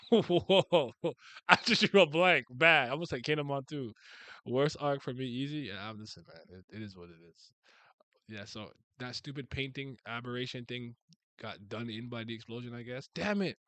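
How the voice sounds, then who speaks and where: A man giving a casual live reaction while reading manga, animated and slangy, laughing often and thinking aloud. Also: medium pitch, normal speed, no echo.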